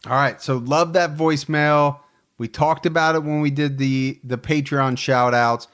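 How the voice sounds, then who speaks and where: A man hosting a true crime podcast in casual chat, talking things through and quick to laugh. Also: on the high side, steady tone, a bit bright. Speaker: podcast host.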